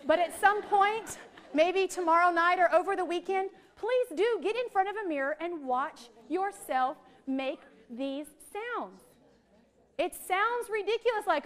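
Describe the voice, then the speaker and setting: A middle-aged woman, leading a lively, chatty teacher training workshop for a group in a training room. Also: very high voice, moderate pace. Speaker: literacy trainer.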